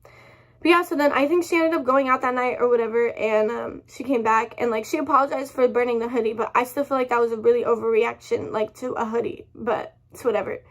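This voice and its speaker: Young woman vlogger, high voice, upset rambling storytime rant full of swearing. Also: steady tone, fairly quick. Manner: rambling, heavy swearing, apologizes often. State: upset, close to tears.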